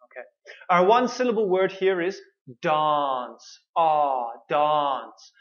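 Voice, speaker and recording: A woman leads an English pronunciation lesson at an unhurried pace, sounding out each word syllable by syllable and repeating it patiently. The recording is dull and lo-fi. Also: low voice. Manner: deliberate, drills words syllable by syllable with repetition.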